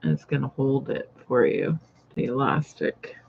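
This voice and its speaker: A woman hosts a casual live sewing chat, rambling and greeting viewers by name as she works. Her voice is rumbling low and gravelly, animated, at a moderate pace, with a little hiss or hum. The live-stream audio is dull and lo-fi.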